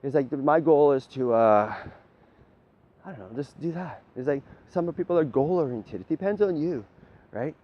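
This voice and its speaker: A man's voice: a little high, lively intonation, normal speed, highs cut off, a little hiss or hum. A man giving a rambling, preachy monologue as a self-styled spiritual leader. He swears freely and keeps asking "right?". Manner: profane, repeats "right?" often.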